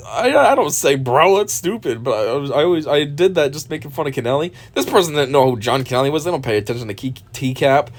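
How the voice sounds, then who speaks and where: A man's voice: on the high side, animated, very fast, hardly any pauses. A man hosting a reaction video, giving casual, profane, mocking commentary and laughing often.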